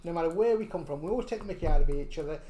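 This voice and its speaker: A man's voice: on the high side, very fast, mellow, echoey room. A man co-hosting a casual chat, joking around and trying out regional accents. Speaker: co-host.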